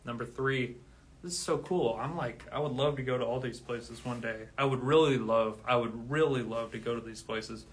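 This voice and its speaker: A man's voice: medium pitch, normal speed. A man talking casually on his own livestream, counting steadily and then thanking listeners, out of breath. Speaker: drummer streaming live.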